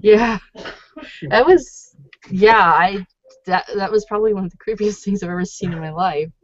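A woman's voice: medium pitch, normal speed, no echo. A woman co-hosting a casual recap podcast, gossiping freely and slipping into quoted asides. Her voice is dry and close, with no room sound, on a dull, lo-fi recording. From Canada. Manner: chatty, gossipy, lots of fillers and quoted asides. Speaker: podcast co-host. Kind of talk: casual chat.

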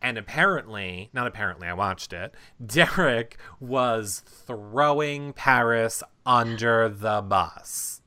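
A man hosting a casual chat, retelling events in an animated way with lots of fillers. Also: medium pitch, takes it slowly, hardly any pauses, clear, resonant tone. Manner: animated storytelling with many fillers. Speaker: reality show recap host.

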